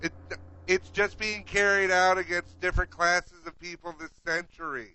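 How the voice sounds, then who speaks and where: A man with a bright, fairly high voice stumbles and restarts his way through casual comedic chat. The sound is dry and close, with no room around it. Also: steady tone, clear, resonant tone, no room sound, poor audio. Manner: halting, stumbling delivery. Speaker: podcast co-host.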